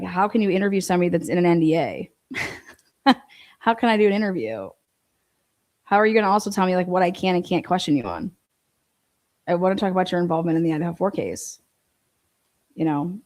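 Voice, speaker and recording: A woman's voice: fairly low pitch, a little mellow. A woman hosting a casual livestream, reading viewer comments and talking bluntly with frequent swearing. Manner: blunt, profane, fired up. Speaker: livestream host.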